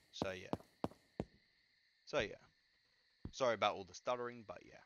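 A man's voice: lowish voice, pushed and bright, highs cut off. A young man giving casual game suggestions, stuttering often and trailing off with filler words. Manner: halting, filler-heavy, trails off with "but yeah". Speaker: gaming YouTuber.

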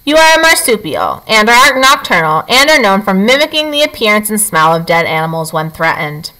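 A woman's voice: mid-range voice, big pitch swings, fairly quick, pushed and bright, poor audio. A woman reading aloud and voicing a polite female robot who speaks stiffly and formally.

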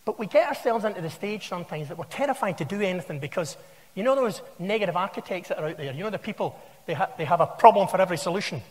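A Scottish man in his sixties gives a keynote to a large hall, full of wry asides and stories. His voice sits high for a man and swings widely in pitch. A long reverb trails his words. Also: lively intonation, quick pace. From Scotland. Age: 60s. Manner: wry, anecdotal, conversational storytelling. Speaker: conference speaker. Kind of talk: conference keynote talk.

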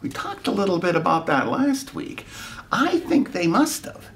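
A man leading a preschool chapel, telling a story in an animated, playful way that sometimes drops to a whisper. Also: high voice, normal speed, recorded from a distance. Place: church.

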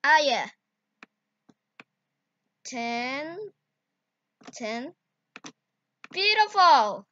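A woman talking through a video editing tutorial in broken English, bursting into excited exclamations. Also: high-pitched, very slow, pauses often. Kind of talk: casual screen-recorded tutorial. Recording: dull lo-fi recording.

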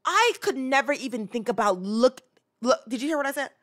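Animated young woman ranting on a podcast. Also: high voice, a little fast. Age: 20s. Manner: animated, ranting, many restarts. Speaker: podcast host. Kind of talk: casual commentary rant.

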